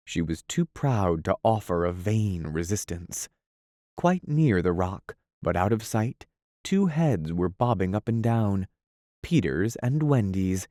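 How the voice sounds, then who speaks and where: A man reads a classic novel aloud in a measured, unhurried storytelling manner. His voice sits fairly low, and the recording is dry and close with no room sound. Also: lively intonation, mellow, dry recording. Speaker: audiobook narrator. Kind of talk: scripted narration.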